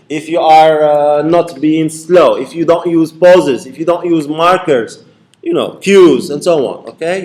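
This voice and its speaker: A man's voice: a little high, darkish tone. A man giving a classroom lecture, repeating his points and checking in with the class by asking "okay?". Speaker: university lecturer.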